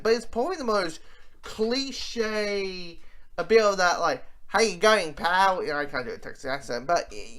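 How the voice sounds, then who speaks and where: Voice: mid-range voice, a bit bright. Rambling, enthusiastic movie reviewer. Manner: rambling, with many fillers and restarts. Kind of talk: casual spoken movie review.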